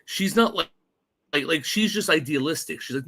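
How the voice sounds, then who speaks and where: A man co-hosting a casual movie review podcast, talking in an animated way, swearing and acting out quotes in funny voices. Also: a little high, normal speed. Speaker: podcast co-host.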